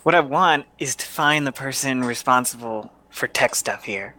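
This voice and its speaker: A man speaking in character at a tabletop game, formal and measured. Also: mid-range voice, bright, forceful tone. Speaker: player.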